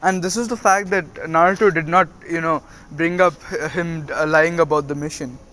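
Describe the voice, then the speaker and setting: A man casually narrating a fan story, halting with many fillers. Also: fairly high pitch, bright, forceful tone.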